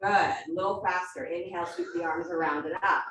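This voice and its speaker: A woman teaching a live yoga class, calling out poses and breath cues in brisk steps with frequent encouragement. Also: lowish voice, steady tone. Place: yoga studio. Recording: echoey room, mic far off.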